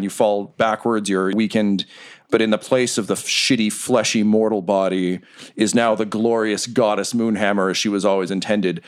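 Lower-voiced man running a tabletop game. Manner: vivid, profane, laughing narration. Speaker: game master.

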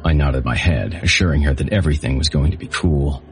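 A man narrating a first-person audiobook in a flat, matter-of-fact way. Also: extremely low pitch, brisk, faint music behind.

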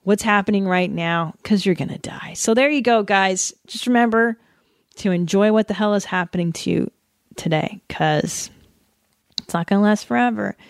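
A woman's voice: mid-range voice, gravelly, no echo. American woman ranting on her podcast, swears a lot, laughs, dry close mic. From United States. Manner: animated, profane, laughing often. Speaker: podcast host. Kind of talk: casual solo podcast rant.

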